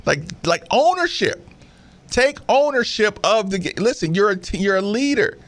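Guy ranting about hoops on a podcast, kinda high voice that jumps all over, keeps repeating himself. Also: normal speed, dry recording. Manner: animated, emphatic, repeats himself, mimics players. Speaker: basketball podcast host. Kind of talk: casual opinionated commentary.

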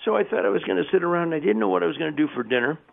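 A man's voice: fairly high pitch, expressive, rapid-fire, creaky. A middle-aged man hosting a radio show, talking in a chatty, folksy way and telling jokes. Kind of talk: casual radio talk. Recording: tinny phone-like radio audio.

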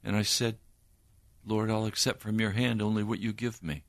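An older man, a preacher, giving an earnest personal testimony in a slow storytelling manner. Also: on the low side, flat delivery, gravelly, no room sound.

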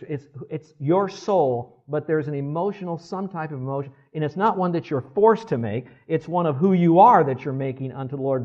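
A man in his sixties, a pastor, preaching a sermon in a conversational way and asking the congregation to respond. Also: fairly high pitch. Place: church service. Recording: dull lo-fi sermon recording.

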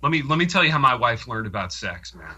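A man co-hosting a podcast, telling an anecdote in casual, animated, self-deprecating chat. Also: mid-range voice, quick pace, husky. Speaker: podcast co-host.

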